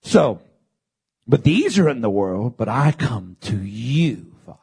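Gravelly, husky preacher man, big swings. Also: very animated, slow pace. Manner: swings from low murmurs to high shouted peaks; calls for congregation responses. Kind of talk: sermon.

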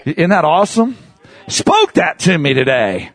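A middle-aged man preaching in church, animated, rushing through some phrases and drawing out others slowly. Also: on the high side, dry recording. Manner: animated preaching, swings from fast bursts to slow emphatic words. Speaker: pastor. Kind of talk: lively sermon.

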